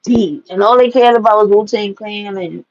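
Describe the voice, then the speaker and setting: Brief: woman, gravelly fry in the voice, blunt and profane storyteller, slightly dull lo-fi sound. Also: mid-range voice, moderate pace. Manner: animated, blunt and profane, laughing at own stories. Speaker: vlogger telling stories. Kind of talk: casual storytelling to camera.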